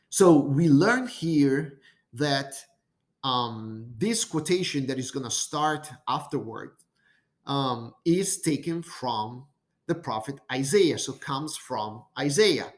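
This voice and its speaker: Man teaching Greek in a roomy echo. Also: medium pitch. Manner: checks in with "okay?" after almost every point. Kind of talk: Bible language lecture.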